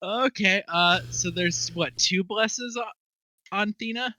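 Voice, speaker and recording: A man's voice: high-pitched, takes it slowly, sharp tone, no room sound. A young man narrating as game master, laughing often and swearing casually. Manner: laughing often, loose and profane. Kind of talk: narrating a tabletop game over voice chat.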